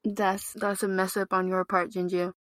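A woman's voice: mid-range voice, level tone, moderate pace, fairly bright tone. Giggly young woman with short replies. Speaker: podcast co-host. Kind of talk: casual chat.

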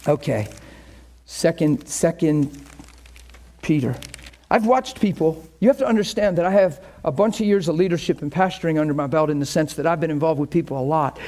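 A middle-aged male pastor preaching a sermon with passion, moving from quiet talk to shouting. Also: a little high, fairly quick. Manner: impassioned, swings from quiet to shouting.

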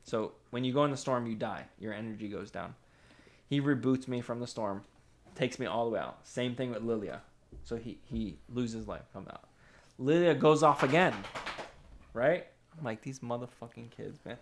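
A man chatting casually on a podcast, telling a gaming story. He laughs often and swears freely. His voice sits at a middle pitch. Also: moderate pace, a little hiss or hum. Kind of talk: casual chat.

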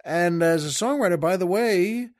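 A man's voice: sits high, lively intonation, moderate pace. A male host telling a joke in a folksy, rambling way, repeating himself often. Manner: folksy, repetitive, chuckling.

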